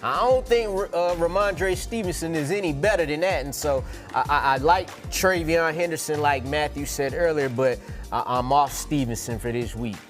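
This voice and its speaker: A man co-hosting a sports show, speaking in a relaxed, loose conversational way. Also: a little high, moderate pace, faint music behind. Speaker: co-host. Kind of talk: casual sports podcast chat.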